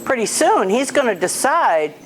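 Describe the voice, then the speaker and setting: A woman's voice: fairly high pitch, very animated, moderate pace, slight background noise. A woman dog trainer coaching an owner in a hands-on session, blunt and firm, snapping commands at the dog.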